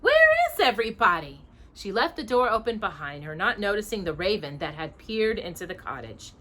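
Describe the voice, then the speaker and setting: Mother reading storybook aloud, lively sing-song rise and fall, bright clear tone, pauses to quiz her child. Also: medium pitch. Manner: expressive, stops to ask the child questions.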